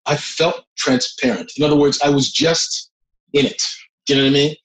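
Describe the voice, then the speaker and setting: A middle-aged man, an actor, telling anecdotes in a casual interview, animated and laughing along the way. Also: fairly high pitch, normal speed, low-quality recording. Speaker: actor, guest.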